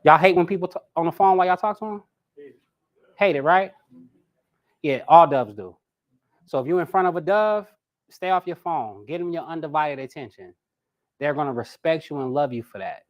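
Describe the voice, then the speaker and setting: A man teaching a live personality class in a lively way, talking straight to his audience. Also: on the high side, moderate pace, long pauses, dull audio. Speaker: personality coach.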